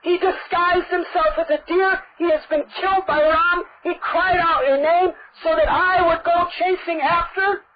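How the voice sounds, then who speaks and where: A woman's voice: high voice, noisy background, pitched above the performer's own voice. A woman voicing a loyal young prince who speaks with earnest, insistent devotion. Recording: dull lo-fi recording.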